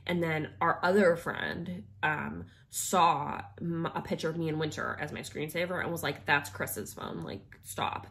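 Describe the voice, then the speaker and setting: A woman's voice: sits low, fairly even intonation, moderate pace, creaky, hardly any pauses, fairly bright tone. A young woman telling a personal story in a rambling, casual way, full of filler words. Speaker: vlogger.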